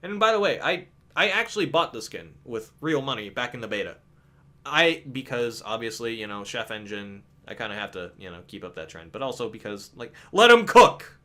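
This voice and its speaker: A man's voice: lowish voice, a little fast. A young man talking casually about games in a vlog, swearing freely and stumbling over restarts. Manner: animated, profane, stumbling restarts. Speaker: gaming video creator. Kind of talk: casual gaming vlog commentary.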